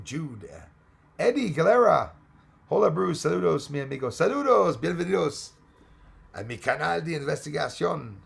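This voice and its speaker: A man's voice: mid-range voice, gravelly, breathy edge. A Canadian man, hosting a casual livestream, greeting viewers by name and joking as he rambles. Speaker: livestream host reading chat. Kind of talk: casual live chat.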